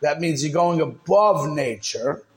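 A man's voice: fairly high pitch, animated, measured pace. A man teaching a Torah class, mixing Hebrew terms into his explanations and checking in with his listeners.

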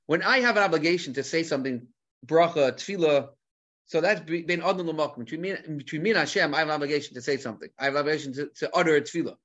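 A man giving an animated Talmud lecture, mixing Hebrew terms into English and asking rhetorical questions. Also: on the high side, racing, lo-fi sound. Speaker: Torah teacher.

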